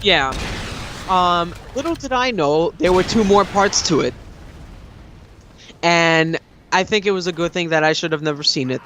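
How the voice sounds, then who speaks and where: Excitable young man, rambling casual chat. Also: high-pitched, normal speed, pauses often, slight background noise. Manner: rambling, excitable, many fillers and laughs. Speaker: co-host of a gameplay video. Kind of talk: casual chat during gameplay.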